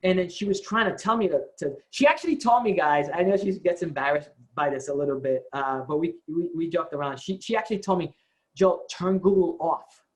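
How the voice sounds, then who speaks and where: A man's voice: a little high, fast talker, hardly any pauses, low-quality recording. A man, a company co-founder, telling the story of his start to his staff, acting out the dialogue. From United States. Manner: animated storytelling, acts out quoted dialogue.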